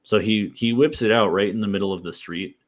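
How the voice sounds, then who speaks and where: Young man, low-pitched voice, rambling casual chat, lots of fillers. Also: fairly quick, a little hiss or hum. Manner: rambling, filler-heavy storytelling with laughs. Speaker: podcast host.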